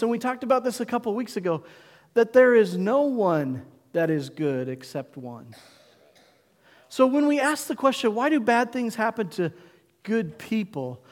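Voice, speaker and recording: A middle-aged male pastor preaching a sermon in a church, emphatic, with dramatic pauses and call-and-response. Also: high voice, in a large hall. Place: church sanctuary.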